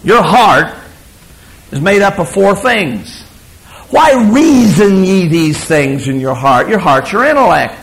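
Animated gravelly preacher man. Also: high voice, takes it slowly, low-quality recording. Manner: emphatic, storytelling, swings between loud and hushed. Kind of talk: sermon.

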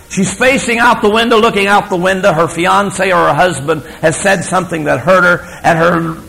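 A male preacher with a high, gravelly voice that leaps all over the scale. He tells stories emphatically, swinging from loud declarations to hushed asides. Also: poor audio. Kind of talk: sermon.

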